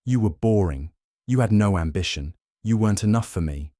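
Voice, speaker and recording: A man's voice: fairly low pitch, animated, fairly quick, mellow, no room sound, studio quality, lightly acted. A man putting on a scornful, panicky wife.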